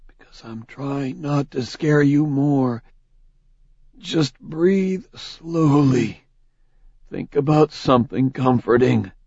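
A man voicing a chained, wounded man who speaks in a hushed, soothing, measured way in a storybook reading. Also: mid-range voice, animated, husky, no room sound, pitched above the performer's own voice, heavily acted. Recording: dull lo-fi recording.

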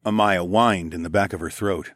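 A man narrating a first-person erotic audiobook in a low, intimate, unhurried way. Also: fairly even intonation, a bit bright, no room sound, studio quality.

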